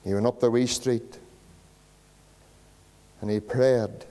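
Pastor preaching in a church. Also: male voice, medium pitch, steady tone. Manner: dramatic pauses, sinking to a hush on key words. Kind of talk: sermon. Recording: long church reverb.

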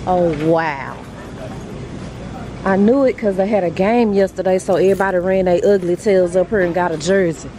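A woman's voice: fairly low pitch, normal speed. Young woman, vlogger, outspoken and cursing, handheld phone audio, noisy stores and car behind her. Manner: animated, outspoken, swears freely. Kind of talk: casual vlog chat. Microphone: handheld phone camera. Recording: background noise from stores and car. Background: store and car noise.

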